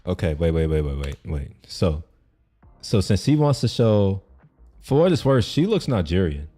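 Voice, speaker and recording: Lowish mellow dude reacting to a vid, rambles and laughs a lot. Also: male voice, very animated, moderate pace, soft background music. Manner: rambling, many fillers and restarts, laughs often. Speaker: streamer reacting to a video. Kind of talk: casual reaction commentary.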